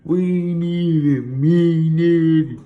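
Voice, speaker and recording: A man voicing a sheepish male police officer, apologizing in a slow, drawn-out way. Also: on the high side, steady tone, phone-quality sound, voice pushed up.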